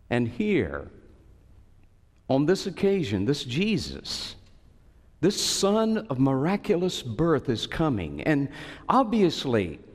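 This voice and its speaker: A man preaching a sermon as a pastor, telling a story with expressive swings and sudden high cries. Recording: long reverb of a large hall.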